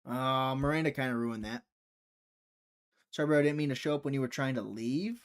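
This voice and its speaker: Young man, live fight stream host, casual chatty commentary, teasing viewers, mid-pitched voice. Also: brisk, smooth. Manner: chatty, teasing, reads viewer chat aloud.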